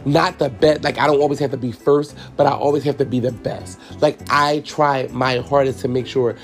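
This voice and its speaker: Candid male podcast host with a raspy, fry-heavy voice, talking casually and profanely to his listeners. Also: mid-range voice, fairly even intonation, moderate pace, faint music behind. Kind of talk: casual personal storytelling.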